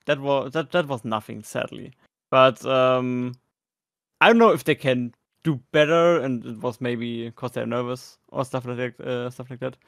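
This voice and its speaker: A man's voice: mid-range voice, a little slow, vocal fry, dry recording, clean studio sound. A man with a German accent co-hosting a podcast, chatting casually and hesitantly about performances, with many fillers and restarts. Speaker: podcast co-host. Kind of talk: casual chat reviewing performances.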